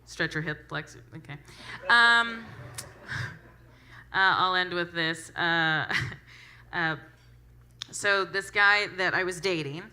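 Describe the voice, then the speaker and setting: A young woman doing a stand-up comedy set, brash, profane and animated. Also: lowish voice, takes it slowly, pauses often.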